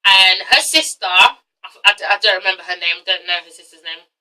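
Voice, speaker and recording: A woman's voice: medium pitch, expressive, moderate pace, bright, forceful tone, recorded from a distance, poor audio. A young woman ranting through a casual reality-TV review vlog, blunt and exasperated, swearing freely.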